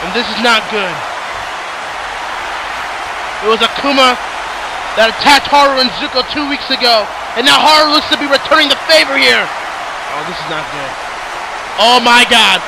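A man doing play-by-play commentary for a wrestling match, shouting and swearing in excitement. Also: very high voice, moderate pace, gravelly, pauses often, a crowd in the background, noisy background.

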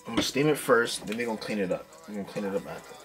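A man talking casually and excitedly as he unboxes fitted hats for his vlog, full of slang. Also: on the low side, racing, music in the background. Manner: excited slangy hype talk. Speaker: hat vlogger.

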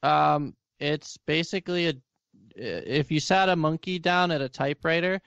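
A man's voice: fairly high pitch, normal speed, vocal fry, fairly bright tone, smooth, no room sound, dull audio. A man in a casual podcast chat, giving brief, plain explanations. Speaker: podcast co-host.

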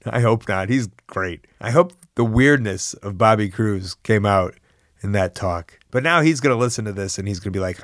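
A man's voice: lowish voice, normal speed, fairly bright tone, dry recording. Guy hosting a podcast backstage, jokey, teasing, dry close mic. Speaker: podcast host. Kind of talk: casual backstage interview. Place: backstage locker area.

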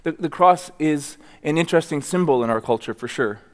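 A man's voice: fairly high pitch, animated, fairly quick. Earnest preaching man in a reverberant church. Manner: earnest, repeats and restarts words. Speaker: pastor. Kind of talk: sermon with scripture reading. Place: church sanctuary.

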